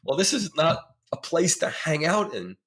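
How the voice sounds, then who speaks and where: A man's voice: a little high, very animated, moderate pace, fairly bright tone. A middle-aged man speaking as a therapist guest in a conversational interview, earnest and emphatic, explaining ideas through examples.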